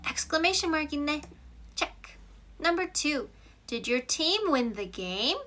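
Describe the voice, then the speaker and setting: A woman's voice: sits high, lively intonation, a little slow, bright, forceful tone. A woman with a Korean accent teaching an English grammar lesson, switching between English and Korean and reading example sentences with big expression.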